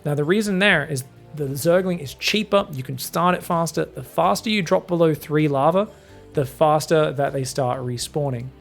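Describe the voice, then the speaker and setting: Excitable Australian man casting a game. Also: fairly high pitch, moderate pace, gravelly, soft background music. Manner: animated, casual, jokey, swears. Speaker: esports caster.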